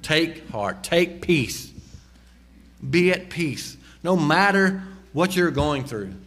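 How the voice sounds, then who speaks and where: A man preaching a sermon, slowing down and dropping low on key phrases and rising sharply when he exhorts. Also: expressive, fairly bright tone. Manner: emphatic, slows and drops low on key phrases; rises sharply in pitch and volume when exhorting. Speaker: pastor.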